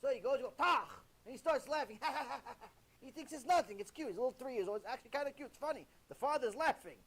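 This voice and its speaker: A man preaching a sermon as a rabbi, animated, repeating himself and asking rhetorical questions. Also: very high voice, quick pace, husky.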